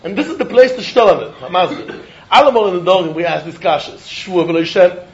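A man teaching a Talmud lesson, mixing English with Yiddish and Hebrew terms in an animated, sing-song line of reasoning. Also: high-pitched, brisk. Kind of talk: Talmud study lecture. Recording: dull lo-fi recording.

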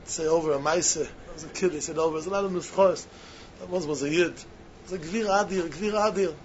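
A man gives a sermon-style talk to yeshiva students, fairly high-pitched and fast. He is emphatic and repetitive, swinging between loud stresses and hushed asides. The recording is muffled and lo-fi, with a faint hiss.

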